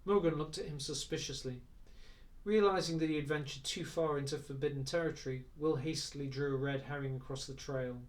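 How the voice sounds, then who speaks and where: A man reads a novel aloud with measured, even narration. His voice sits a bit higher than most men's. He sounds slightly distant from the microphone. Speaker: audiobook reader.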